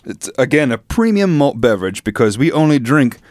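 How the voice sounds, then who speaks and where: A man's voice: mid-range voice, sing-song, fairly quick, dry recording. A man co-hosting a comedy podcast, throwing in dry joking remarks in casual banter. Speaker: podcast co-host.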